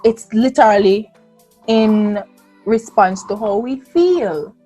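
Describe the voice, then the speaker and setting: A woman co-hosting a casual panel discussion, talking in a lively, playful and emphatic way. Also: medium pitch, slow, soft background music. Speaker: co-host.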